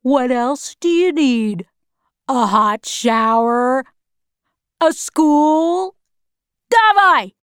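A woman's voice: fairly high pitch, lively intonation, takes it slowly, clear, resonant tone, dry recording, studio quality. A woman voicing a cruel, mocking male officer who jeers and barks orders. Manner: jeering and barking orders.

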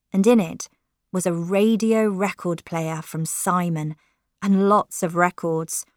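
Woman reading a novel aloud in first person, slow and feeling, dry close mic. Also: mid-range voice, dry recording. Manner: slow, emotive storytelling. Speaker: audiobook narrator.

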